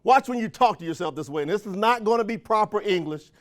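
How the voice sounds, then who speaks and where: A man's voice: high-pitched, lively intonation, fast talker. A man giving a live motivational speech at a sales training, full of rhetorical questions and folksy call-and-response. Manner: folksy, countrified phrasing. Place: event room.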